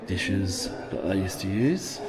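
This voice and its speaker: Travel vlogger, man, low voice, eager and exclaiming, recorded on a camera mic among crowds. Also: takes it slowly, a loud crowd. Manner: enthusiastic, exclaims often. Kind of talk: walking tour narration. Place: outdoor archaeological site with crowds.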